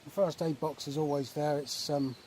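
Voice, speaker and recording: A man talking casually in a relaxed, chatty way with many fillers, filming a vlog at a woodland camp outdoors. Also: fairly high pitch, normal speed. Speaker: vlogger. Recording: outdoor recording with faint nature noise.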